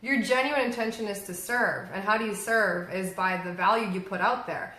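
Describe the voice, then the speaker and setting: Woman, co-host, casual marketing chat, animated, bright tone, echoey room. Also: mid-range voice, normal speed. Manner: animated, acts out quoted people.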